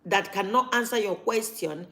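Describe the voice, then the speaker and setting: A woman's voice: medium pitch, moderate pace, a bit bright. A woman, talking casually to camera as a vlogger and repeating her points for emphasis.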